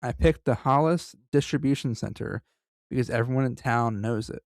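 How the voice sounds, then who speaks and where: Podcast co-host, male, gravelly reader who drops in profane banter; dry close mic. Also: mid-range voice, moderate pace, darkish tone, no room sound. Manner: profane, joking asides between read passages. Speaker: podcast co-host reading a story. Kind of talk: casual story reading with banter.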